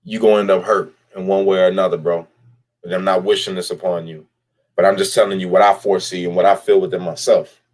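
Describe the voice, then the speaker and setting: A man's voice: low-pitched, level tone, quick pace, darkish tone. Blunt, profane man lecturing on camera. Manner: blunt, profane, speaks straight to the person he criticizes; repeats phrases for emphasis. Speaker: vlogger. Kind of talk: direct-address commentary rant.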